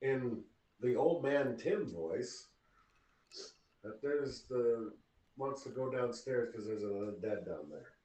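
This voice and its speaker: A man guides his tabletop players at a relaxed, unhurried pace, restarting phrases as he goes. He sits back from the mic, so his voice carries the sound of the room around him. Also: mid-range voice. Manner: slow, halting narration with restarts. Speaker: game master. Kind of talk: narrating a tabletop game. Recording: roomy, distant mic.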